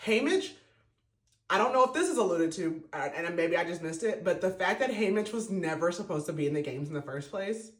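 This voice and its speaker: A man's voice: high voice, fast, few pauses. A man hosting a podcast, giving a casual, emotional book review full of fillers and restarts. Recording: roomy echo.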